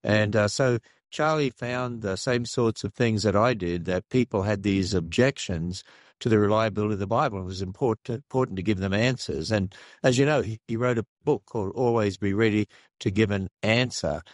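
An older man with an Australian accent, speaking earnestly and haltingly as a radio interview guest. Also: on the low side, no echo, clean studio sound. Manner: earnest, measured, halting with restarts. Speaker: guest, creationist ministry leader.

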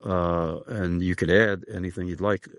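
A man's voice: low voice, fairly even intonation, moderate pace, no room sound, studio quality. A man hosting a talk show, relaying a listener's question and plugging a resource. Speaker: radio show host.

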